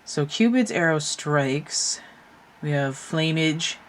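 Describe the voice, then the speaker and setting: A woman's voice: low voice, animated, slow, slight background noise. Rambling woman giving a tarot reading. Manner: rambling, thinks aloud with asides. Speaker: tarot reader. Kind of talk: casual tarot reading commentary.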